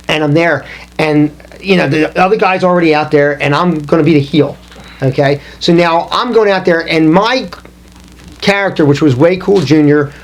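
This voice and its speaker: A middle-aged man hosting a casual round-table chat, telling stories in an animated way. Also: a little high. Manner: storytelling, animated. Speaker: host.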